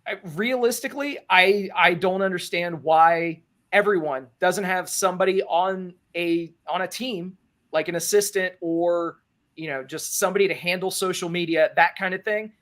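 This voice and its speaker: A man's voice: high voice, a bit bright. A man co-hosting a casual podcast chat who rambles and restarts his sentences. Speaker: podcast co-host.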